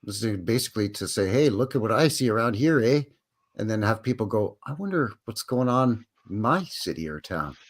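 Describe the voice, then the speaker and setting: A man's voice: fairly low pitch, very animated, fairly quick. A Canadian man co-hosting a live stream, joking and chatty, tagging "eh" onto his sentences. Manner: joking, chatty, drops in "eh" often. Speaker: co-host. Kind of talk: casual live-stream chat.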